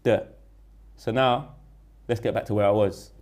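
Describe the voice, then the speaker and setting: Unhurried and fairly low-pitched, a young London guest spins a story in a relaxed interview. His telling is rambling and full of street slang, turning animated during the retelling.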